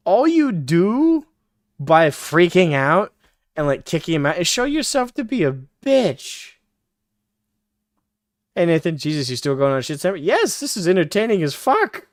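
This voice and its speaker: A man's voice: fairly high pitch, big pitch swings, moderate pace, no room sound, clean studio sound. A male live-stream host reacting to a clip, profane and mocking, laughing often as he talks.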